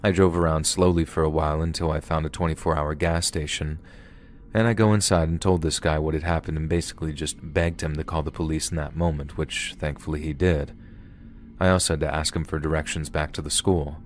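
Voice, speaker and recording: A man narrating a first-person horror story in a calm, steady storytelling manner. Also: extremely low pitch, brisk. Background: background music.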